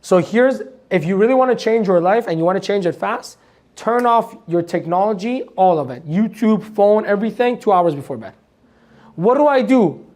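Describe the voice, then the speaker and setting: A man's voice: high voice, lively intonation, moderate pace, a little mellow. A man giving a live motivational training to an audience. He talks bluntly, swears casually, laughs at his own points and keeps firing rhetorical questions at the room.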